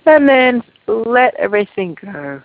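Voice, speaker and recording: A woman teaching a Feldenkrais movement lesson over a video call, giving calm, gentle, unhurried instructions. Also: a little high, dry recording. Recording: tinny, phone-like call audio, dry.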